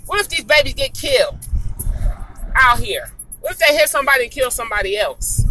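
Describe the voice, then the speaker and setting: A woman from Saint Paul speaks in a bright, pointed voice that sits a little high. She vents straight to her viewers in a heated, indignant rant, hammering the same points again and again. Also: big pitch swings, fairly quick, a little hiss or hum, rough recording. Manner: heated, indignant, repeating herself for emphasis. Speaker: vlogger. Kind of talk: angry personal rant to camera.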